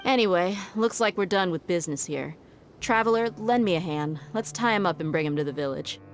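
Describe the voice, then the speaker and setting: An actress playing a confident, laid-back desert mercenary in a video game. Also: female voice, on the low side, lively intonation, fairly quick, a little hiss or hum. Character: tough, easygoing desert mercenary woman. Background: game music.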